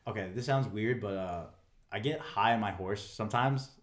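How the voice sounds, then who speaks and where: A man's voice: lowish voice, moderate pace. A young man hosting a casual podcast chat, a youth coach talking in a laid-back, rambling way and laughing often. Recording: roomy echo.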